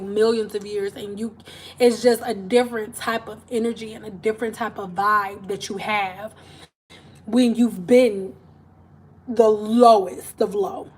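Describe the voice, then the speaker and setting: A woman's voice: mid-range voice, a little mellow, a little hiss or hum. Chatty slangy woman on a live stream. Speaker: hairstylist. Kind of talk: casual live-stream chat. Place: at home, TV in another room.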